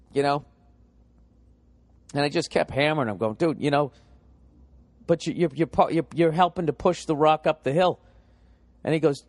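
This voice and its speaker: A man's voice: on the high side, no echo. Profane ranting stand-up man, dry sound. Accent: Boston. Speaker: stand-up comedian. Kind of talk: stand-up comedy set.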